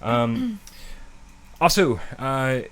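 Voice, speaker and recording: A man's voice: medium pitch, very animated, very slow, fairly bright tone. A man co-hosting a live gaming stream, rambling casually with lots of restarts and fillers. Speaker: podcast co-host.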